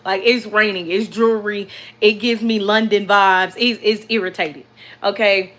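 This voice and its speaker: A young woman vlogger chatting casually to viewers, animated and repeating herself as she tells a story. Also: mid-range voice, moderate pace.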